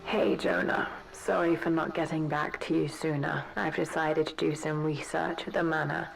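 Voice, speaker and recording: An actress voicing a calm, reflective young female adventurer in a video game. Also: low-pitched, moderate pace, gravelly, over music, rough recording. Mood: thoughtful. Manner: calm, thoughtful musing.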